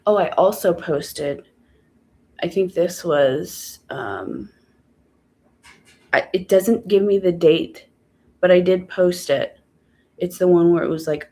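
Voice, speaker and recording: Woman, casual storytime vlog; slow, halting delivery full of fillers and pauses, blunt and upset. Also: lowish voice, sing-song, gravelly, darkish tone. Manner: many fillers and trailing pauses. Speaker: mother telling her story.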